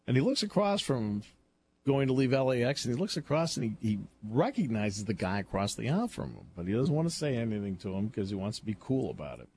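A man hosting a radio talk show from a studio, telling a story in a casual, animated way and laughing along. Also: medium pitch, fast, slight background noise. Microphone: studio microphone.

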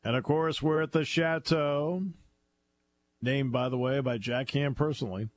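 A man hosting a sports talk radio show, chatting casually and telling animated stories with frequent laughter. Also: mid-range voice, measured pace. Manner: animated storyteller, laughs often.

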